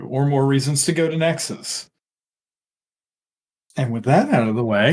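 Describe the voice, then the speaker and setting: Easygoing man running a tabletop game. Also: mid-range voice. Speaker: game master. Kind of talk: casual tabletop game chat.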